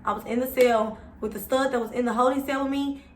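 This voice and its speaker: Young woman, casual storytime, animated, swears freely, talks to viewers, fairly high voice, echoey room, mic set back. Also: quick pace, far from the mic, a little hiss or hum. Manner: animated and profane, talking straight to viewers. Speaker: vlogger.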